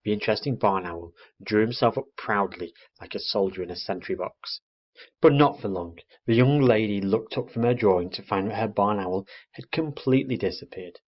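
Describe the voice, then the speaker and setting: A low, husky-voiced male teacher reads a children's story aloud with expressive storytelling. The recording is dull and lo-fi. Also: moderate pace.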